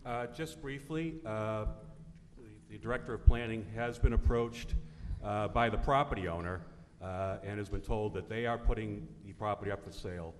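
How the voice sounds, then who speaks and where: A man's voice: lowish voice, moderate pace. A man speaking as a town official, explaining a matter hesitantly with frequent fillers. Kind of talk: explaining at a public meeting. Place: large town meeting hall. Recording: echoey hall, faint room noise.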